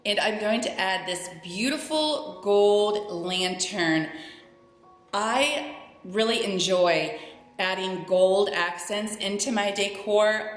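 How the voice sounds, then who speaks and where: A woman of middle pitch chats in an upbeat, friendly way, speaking straight to her viewers as she works through a home decorating tutorial. Her voice rings in a very echoey room. Soft music plays underneath. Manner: chatty, upbeat, addresses viewers directly. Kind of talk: casual decorating tutorial narration.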